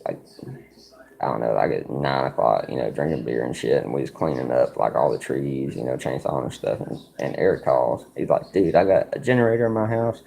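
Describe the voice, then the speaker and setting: A man's voice: a bass voice, brisk, vocal fry, mellow. A man streaming a card game, telling a rambling, profane story full of "like" and "you know". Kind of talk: casual storytelling while playing a card game.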